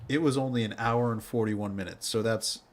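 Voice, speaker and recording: A man co-hosting a movie podcast, speaking casually with a self-admitted flat, low-inflection delivery. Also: fairly quick. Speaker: podcast co-host.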